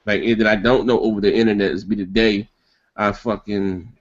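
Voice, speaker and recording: A man talks in a laid-back way in casual podcast chat, often repeating himself. His voice sits fairly low. The stream audio is dull and lo-fi. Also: fairly even intonation, normal speed, slight background noise.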